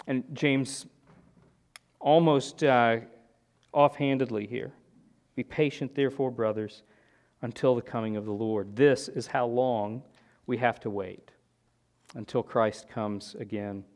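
A man's voice: mid-range voice, fairly even intonation, slow pace, pauses often, darkish tone. A man preaching an expository sermon in an earnest manner, often asking "right?" and restarting his phrases as he explains.

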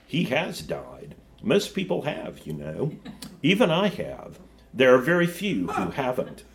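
A man reading aloud and voicing a great solemn male lion king who speaks quietly and tenderly. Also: mid-range voice, wildly swooping pitch, unhurried, creaky, voice pushed up, heavily acted. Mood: gentle.

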